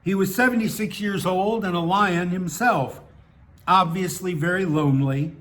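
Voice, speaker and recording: A man's voice: sits high, normal speed, a bit bright. A man reading his own personal essay aloud, in a wry, dryly humorous way. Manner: wry, dry humour with small laughs.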